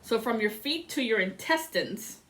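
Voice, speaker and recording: A woman doing a casual tarot reading, telling a story in a rambling, excitable way and swearing often. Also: a little high, normal speed. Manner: rambling and profane. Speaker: tarot reader.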